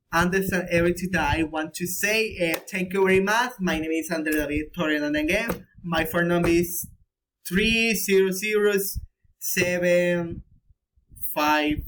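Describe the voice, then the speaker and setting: A young man giving a recorded English pronunciation lesson as a student, halting and restarting often while reading out word lists. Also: sits high, a bit bright, slight background noise, low-quality recording.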